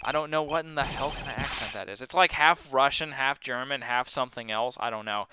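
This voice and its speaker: A man's voice: mid-range voice, fairly quick, few pauses. A young man giving casual, self-mocking commentary while playing and voicing a game. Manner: self-mocking, laughing asides. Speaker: let's play host. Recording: game music underneath.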